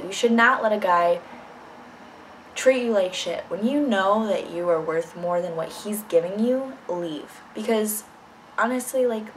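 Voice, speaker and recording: A young woman vlogger tells a personal story in a casual vlog, blunt and candid, swearing freely. Her voice is medium-pitched. The recording is low quality, with a little hiss or hum.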